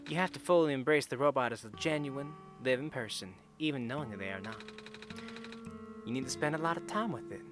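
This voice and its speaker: A man reading the lines of a calm helper robot in a steady, explanatory way. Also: mid-range voice, brisk, over music, lightly acted. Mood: solemn.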